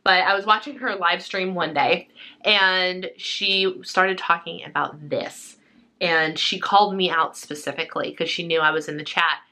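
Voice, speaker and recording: A woman's voice: lowish voice, steady tone, normal speed, pushed and bright. A young woman chatting casually in a food vlog, upbeat and rambling, a little out of breath. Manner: chatty and upbeat, lots of fillers. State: slightly out of breath. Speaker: vlogger.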